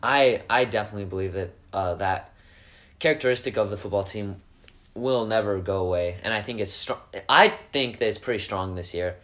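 A teenage boy, a high school quarterback, answering interview questions in an earnest, upbeat way. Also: fairly quick. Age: teens. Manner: earnest and upbeat, gets animated. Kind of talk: casual interview chat.

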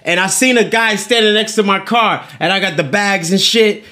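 A man's voice: sits high, normal speed. A man hosting a podcast, telling a story in casual, profane chat and acting out the people in it. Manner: animated, profane, acts out quoted people. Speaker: podcast host.

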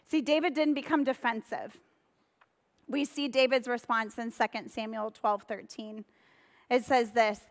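A woman pastor preaches with a fairly high voice, telling Bible stories in a casual, conversational way. Her words trail off into the long reverb of a church hall. She brings the stories to life with animated retellings. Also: unhurried. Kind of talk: sermon.

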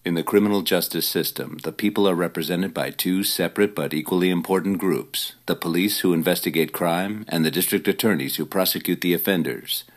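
A man voicing a solemn male TV crime-drama announcer, grave and measured. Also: low-pitched, voice pushed down, lightly acted.

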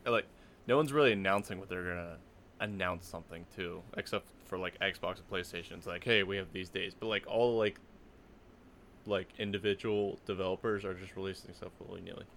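Low-voiced man chatting casually. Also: fairly even intonation, a little fast, a bit bright, a little hiss or hum. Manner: rambling, lots of "like" fillers, joking. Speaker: podcast co-host. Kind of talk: casual chat.

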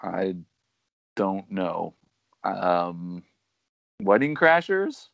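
A man's voice: sits low, big pitch swings, very slow, gravelly, no echo, dull audio. A man co-hosting a podcast, joking and playfully insistent in casual chat. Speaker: podcast co-host.

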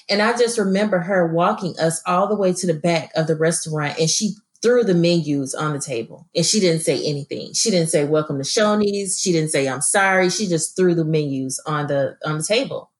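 A woman's voice: fairly low pitch, normal speed, few pauses. A woman from Alabama, co-hosting a podcast and telling a personal story in an earnest, emphatic way. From Birmingham, Alabama. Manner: earnest, emphatic, frequent fillers. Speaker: podcast co-host.

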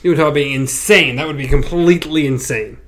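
A man co-hosting a podcast in casual review chat, animated and self-mocking. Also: a little high, a little fast, a crowd in the background. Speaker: podcast co-host.

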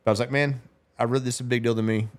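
A man's voice: mid-range voice, steady tone, rapid-fire. A man, telling a long story as a podcast guest, rambling and laughing as he goes. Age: 40s. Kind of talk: casual storytelling.

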